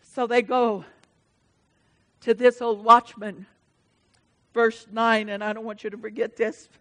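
A woman preaching a sermon with a high, bright, ringing voice. She calls straight out to the congregation, swinging between fervent shouts and hushed asides. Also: flat delivery, a little slow. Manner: addresses the congregation directly.

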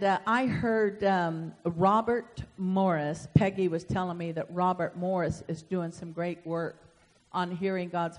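A woman's voice: on the low side, darkish tone. Earnest woman teaching scripture in reverberant hall. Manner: earnest, emotional, reads scripture aloud with feeling. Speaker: Bible teacher. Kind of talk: Bible study sermon.

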